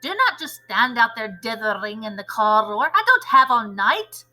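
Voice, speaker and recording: A woman's voice: on the high side, big pitch swings, moderate pace, exaggerated voice, poor audio. Woman voicing a snapping, bossy witch queen. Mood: snappish. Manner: sharp and commanding. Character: cruel, impatient female witch leader.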